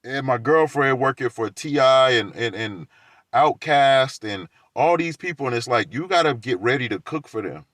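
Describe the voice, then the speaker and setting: A man rambles through a story in casual, loose monologue at a middling pitch. He laughs between lines and acts out the back-and-forth he describes. The sound is dry and close, with no room echo. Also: animated, normal speed, fairly bright tone. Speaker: vlogger telling a story.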